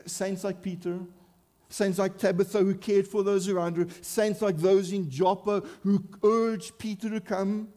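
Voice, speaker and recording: A man delivers a sermon slowly and deliberately, his voice mellow and somewhat high for a man. He preaches earnestly and with emphasis, leaning on rhetorical questions and repeated phrases. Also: little pitch movement.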